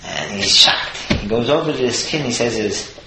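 A man's voice: mid-range voice, fairly quick. A man giving an explanatory Torah talk, earnestly working through the verses phrase by phrase. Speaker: Torah teacher. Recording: echoey room with steady noise.

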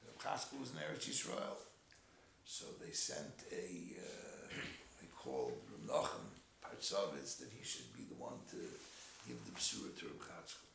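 A man giving an animated Torah class in English full of Hebrew and Yiddish terms, telling a story and explaining verses. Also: low-pitched, moderate pace, vocal fry, slight background noise. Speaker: Torah teacher. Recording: roomy echo.

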